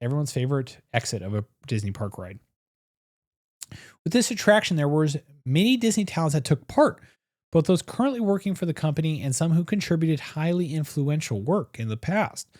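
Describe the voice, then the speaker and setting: A man co-hosting a casual podcast, his pitch swinging widely as he reads out history notes and trades jokes. The sound is dry and close, with no room around it. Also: big pitch swings, fairly quick, darkish tone, no room sound. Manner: reads scripted history between playful banter. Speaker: podcast co-host. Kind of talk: casual podcast chat with read narration.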